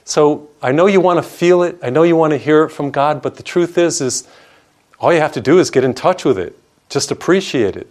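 Priest guy giving a tv sermon, earnest, piles on words, goes soft n quiet sometimes. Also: on the high side, expressive, fairly quick. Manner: earnest, emphatic preaching with lists of words, dropping soft on tender lines. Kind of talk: televised sermon.

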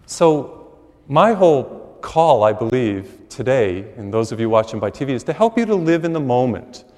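A man delivers a sermon in a church, his mid-pitched voice trailing into a long, ringing reverb. He preaches in a conversational way, easing into folksy stories and asides. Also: big pitch swings, normal speed, darkish tone. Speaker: priest.

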